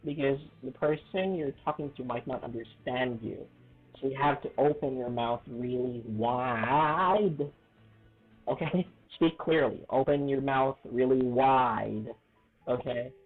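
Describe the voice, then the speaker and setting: Male English teacher, chatty and repetitive; husky voice, phone-like audio. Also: medium pitch, slow, faint music behind. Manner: chatty, repeats himself, asks "okay?" and "right?" often. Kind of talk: casual video lesson. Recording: tinny phone-like sound.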